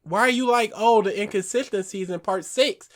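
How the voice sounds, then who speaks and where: Man, high voice, bright tone, animated, argumentative, casual podcast chat. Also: normal speed. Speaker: podcast co-host.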